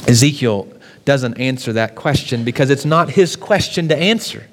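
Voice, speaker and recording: A man's voice: medium pitch, expressive, moderate pace, long reverb tail, slight background noise. A man preaching a sermon, building with repeated questions and rising emphasis. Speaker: pastor.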